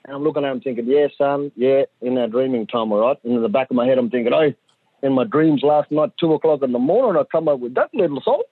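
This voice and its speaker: A middle-aged man, telling a story in a lively way and acting out the voices of the people in it. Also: mid-range voice, fast talker, slightly rough, no echo. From Central Australia. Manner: animated, acts out voices of his sons and others. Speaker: community storyteller. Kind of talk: conversational storytelling. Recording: dry tinny phone-like audio.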